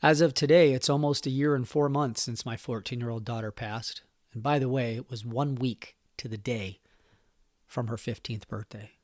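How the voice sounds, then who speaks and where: A man in his forties tells his own story on a podcast, speaking in a somber, halting and emotional way. His voice sits at a middle pitch. The recording is dry and close, with no room sound. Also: fairly even intonation, no echo. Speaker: podcast host. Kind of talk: personal storytelling monologue.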